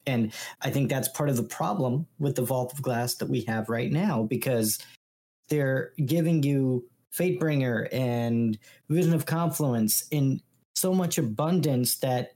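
Mellow-voiced earnest man. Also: medium pitch, measured pace. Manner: earnest, opinionated, tag questions. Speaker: podcast guest, content creator. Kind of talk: casual podcast chat.

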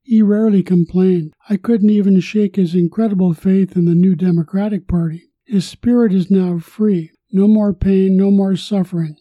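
An older man hosting a podcast about retirement, reading a scripted personal story in a measured, formal way. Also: sits high, fairly even intonation, dry recording, lo-fi sound.

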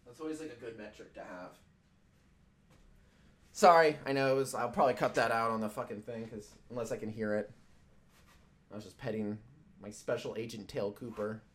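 A man's voice: mid-range voice, fairly even intonation, normal speed, long pauses. A young man chatting loosely on a stream, swearing often and rambling between jokes. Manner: profane, loose and joking, with many fillers. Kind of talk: casual rambling chat.

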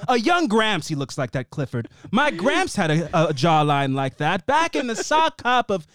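Animated high-voiced male podcast host. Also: moderate pace, no echo, clean studio sound. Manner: animated, laughing, goes off on tangents. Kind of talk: casual chat recapping a TV show.

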